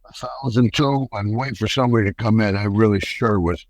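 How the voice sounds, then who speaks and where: Older American man, ex-wrestler guest, folksy animated storyteller, dry close sound. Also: lowish voice, brisk, no room sound, rough recording. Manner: animated, folksy, acts out quotes. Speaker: podcast guest, retired wrestler. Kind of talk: casual storytelling interview.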